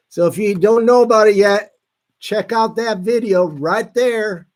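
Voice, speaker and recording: A man hosting a live stream, reading out viewer comments in a casual, halting way with frequent restarts. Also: high-pitched. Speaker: livestream host reading chat.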